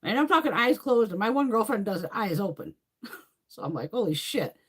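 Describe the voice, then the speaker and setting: Woman beauty creator on a live stream, lively pitch, rambling casual chat peppered with swearing. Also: fairly quick, breathy edge. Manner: reads and answers viewer comments.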